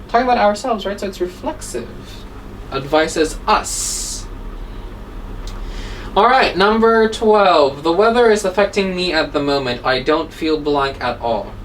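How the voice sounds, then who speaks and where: A woman teaching an English grammar lesson, explaining step by step and asking rhetorical questions. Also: deep voice. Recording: distant mic with faint background noise.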